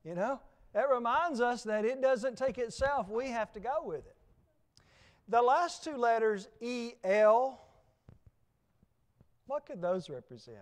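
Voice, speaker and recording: High-pitched Southern preacher, emphatic. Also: male voice, lively intonation, measured pace, long pauses. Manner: emphatic preaching with repeated phrases and questions. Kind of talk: sermon.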